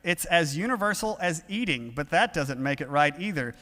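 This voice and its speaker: A man preaching an evening sermon in an earnest, conversational way, pausing and restarting as he talks. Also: fairly high pitch, lively intonation, bright, forceful tone. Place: church sanctuary. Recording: long reverb of a church hall.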